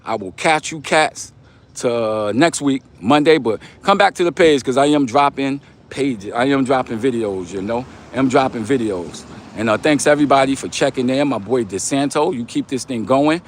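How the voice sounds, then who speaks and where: A man's voice: mid-range voice, normal speed, a little hiss or hum. A young man from Long Island, hosting a casual livestream, giving motivational talk in street slang and repeating his points. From Long Island, New York. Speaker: livestream host.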